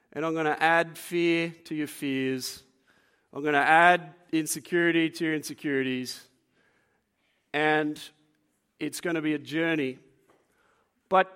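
A young man preaching to a youth group, telling stories in a lively way and acting out what people said. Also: on the high side, clear, resonant tone. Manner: animated storyteller, acts out quotes. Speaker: youth pastor. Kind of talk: youth sermon with storytelling. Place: room with a live audience.

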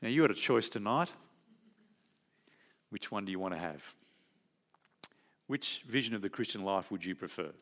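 A man's voice: lowish voice, expressive, normal speed, long pauses, a bit bright. Male preacher, conversational sermon, questions the congregation.

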